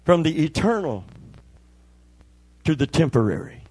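An older man preaching a sermon as pastor, emphatic and calling for amens, with a husky voice. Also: a little high, very animated, measured pace, darkish tone, dry recording. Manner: emphatic preaching with call-and-response.

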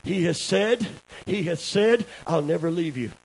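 A man preaching a sermon, dropping low for asides and rising to loud shouts while calling for amens. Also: expressive, measured pace, gravelly, husky, low-quality recording. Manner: calls for amens from the congregation. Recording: faint hiss.

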